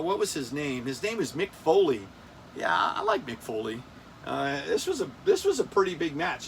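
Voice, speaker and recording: A man's voice: on the high side, a bit bright, a little hiss or hum. Rambling man in his fifties. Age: 50s. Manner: rambling, self-joking, loses his place. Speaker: toy collector host. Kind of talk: casual countdown vlog. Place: air-conditioned room.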